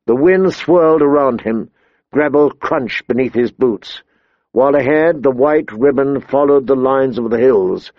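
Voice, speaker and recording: Male audiobook narrator, mid-pitched, measured; dry, muffled recording. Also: dry recording. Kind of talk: scripted narration.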